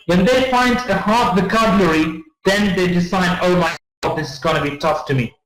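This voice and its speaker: A man's voice: high-pitched, roomy sound, rough recording. A man teaching an English test-prep class, explaining tips with frequent repetitions and check-ins to students, recorded in a classroom on a room mic. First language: not English. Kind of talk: classroom lecture.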